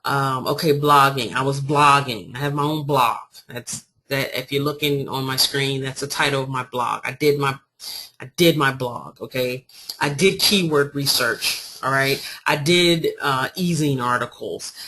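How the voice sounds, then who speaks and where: A woman giving an informal marketing training talk, telling her story in an animated, emphatic way. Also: rumbling low, measured pace, a little hiss or hum. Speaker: online marketing coach.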